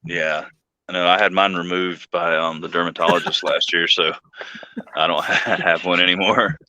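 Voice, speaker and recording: Deep, sharp-toned joking man host. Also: flat delivery, normal speed, dry recording. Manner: rambling, jokey, greets viewers by name. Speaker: livestream co-host. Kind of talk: casual joking chat.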